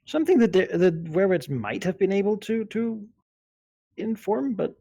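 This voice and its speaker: Husky-voiced male game master, full of fillers. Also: sits high, big pitch swings, normal speed, mellow, no room sound, lo-fi sound. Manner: hesitant, many fillers. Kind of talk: narrating a tabletop game.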